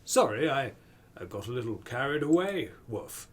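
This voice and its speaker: A man voicing an excitable male dog who teaches a class, tacking a woof onto his sentences in a video game reading. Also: mid-range voice, moderate pace, husky. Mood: sheepish. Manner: punctuates sentences with a barked woof. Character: panting male dog professor, fussy and excitable.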